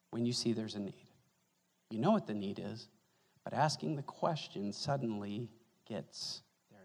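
A male pastor giving an animated, conversational sermon in a church, joking with the congregation. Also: fairly high pitch. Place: church sanctuary. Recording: echoey church hall.

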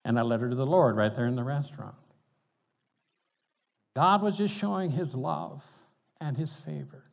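A man's voice: mid-range voice, expressive, measured pace, vocal fry, long pauses. An older man, a pastor telling stories in a folksy, conversational sermon, chuckling between points. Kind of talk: storytelling sermon. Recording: dull reverberant hall sound.

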